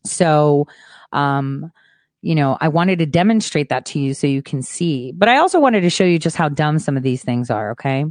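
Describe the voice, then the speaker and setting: A woman hosting her own show and ranting in a frustrated monologue, lower-pitched than most women. She swears freely and swings between quiet, muttered asides and loud, boastful outbursts. The sound is close and dry, with no room echo. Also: lively intonation, moderate pace. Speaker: host.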